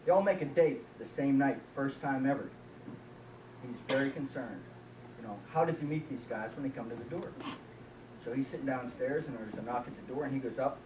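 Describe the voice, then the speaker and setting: A man's voice: medium pitch, a little fast, far from the mic, background noise. A man doing a stand-up comedy set in a small club, telling folksy jokes with lots of "uh" and "he says". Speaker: stand-up comic. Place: small club, live audience. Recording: echoey lo-fi club tape from afar.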